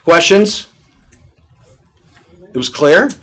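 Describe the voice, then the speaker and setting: A man giving a sales training talk to his team, lively and acting out both sides of phone calls. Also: a little high, very slow, slightly rough, rough recording.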